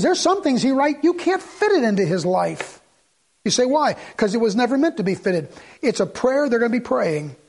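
A man preaching a sermon in a conversational way, asking the congregation rhetorical questions and sometimes dropping to a soft, low voice for emphasis. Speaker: pastor.

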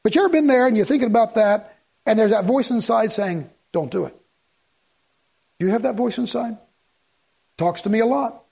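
A man's voice: extremely high pitch, brisk, gravelly, a little mellow, breathy edge. A man preaching a sermon to a congregation in a folksy, rambling way with joking asides. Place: church in front of a congregation.

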